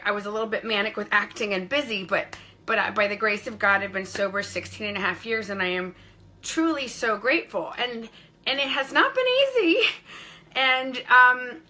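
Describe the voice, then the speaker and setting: A middle-aged speaking coach tells her personal story on a live stream in a bright, crisp voice that sits a little high for a woman. She keeps breaking off to effusively greet viewers by name.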